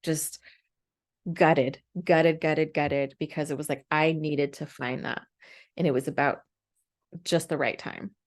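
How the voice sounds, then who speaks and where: A woman's voice: low-pitched, steady tone, a little slow. A woman in her forties, a podcast host, telling a candid, emotional personal story with many fillers.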